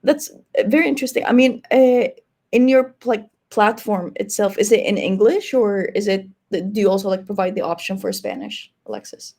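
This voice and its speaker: A woman moderates a live webinar over a video call and passes along audience questions. Her voice has a gravelly edge and a mellow, relaxed tone. She talks casually, with many likes and you-knows. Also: medium pitch, moderate pace. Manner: casual, filler-heavy, says 'like' and 'you know'.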